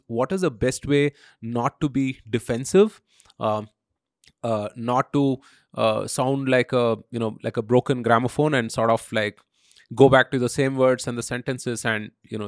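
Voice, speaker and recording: A man's voice: medium pitch, fairly even intonation, moderate pace, dry recording. A male podcast host with a mid-range voice, recorded dry with no room sound. He gropes toward his question with lots of fillers and restarts. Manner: hesitant, many fillers, rephrases questions. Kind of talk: interview question.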